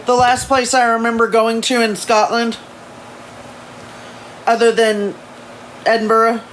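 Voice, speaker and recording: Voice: mid-range voice, little pitch movement, unhurried, fairly bright tone, a little hiss or hum, low-quality recording. Rambling livestreamer, unsure of details. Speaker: livestream host. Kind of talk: casual live-stream chat and reading a novel aloud. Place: at home. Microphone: phone livestream.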